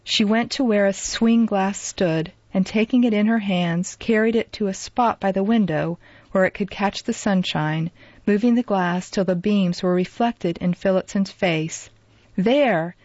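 Woman reading a classic novel aloud, measured, dull dry lo-fi audio. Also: medium pitch, darkish tone, dry recording. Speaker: audiobook narrator. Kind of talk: scripted narration.

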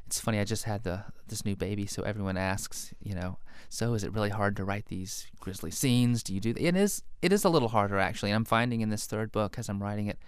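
Self-deprecating young man, smooth low voice. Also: fast talker, few pauses, no room sound, clean studio sound. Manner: self-deprecating, laughs at his own writing. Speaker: novelist guest. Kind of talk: interview, reading his own story aloud.

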